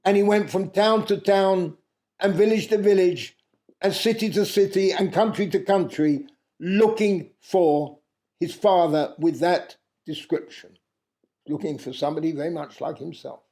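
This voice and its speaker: A man recounting an old folk tale with a gravelly, somewhat high voice. He takes his time and pauses between phrases. His tone is mellow, and he breaks off now and then to correct himself. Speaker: storyteller. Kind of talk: oral storytelling of a traditional tale.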